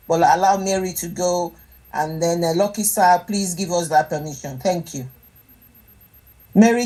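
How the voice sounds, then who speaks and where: A woman's voice: on the low side, a little mellow, low-quality recording. A woman from Nigeria moderating an online group audio chat, speaking in an emotional, pleading way. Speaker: co-host of an online audio space.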